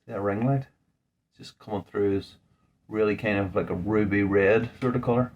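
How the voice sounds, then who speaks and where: A man's voice: lowish voice, steady tone, moderate pace, narrow, tinny audio, slight background noise. A man, a home brewer, talking casually through a beer tasting in a rambling, thinking-aloud way, indoors at home. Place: indoors at home under a ring light.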